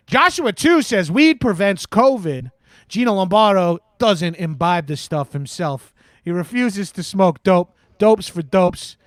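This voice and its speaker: His voice is high-pitched and expressive, delivered at a measured pace in a dry, studio-quality recording. He's performing as a crude, bragging Long Island radio host on an improvised call-in comedy show, swaggering through calls with heavy swearing and lots of "bro."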